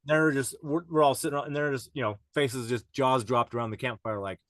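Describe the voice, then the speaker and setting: A man's voice: mid-range voice, steady tone, a little fast, fairly bright tone, dry recording. Man, podcast guest, rambling storyteller, swears a lot, laughs often, dry close sound. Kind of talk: casual storytelling chat.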